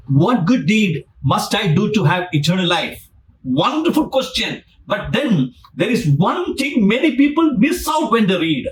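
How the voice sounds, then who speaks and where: A man's voice: high voice, sing-song, moderate pace, recorded from a distance, slight background noise, low-quality recording. A man preaching a sermon, repeating his phrases for emphasis and acting out the scripture as he goes. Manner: repetitive, emphatic, dramatizes scripture.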